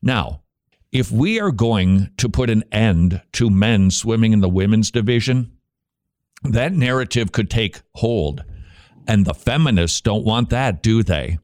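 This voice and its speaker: A man hosting a talk show, giving opinionated commentary in an animated, sarcastic, emphatic way. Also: lowish voice, unhurried, no room sound, clean studio sound.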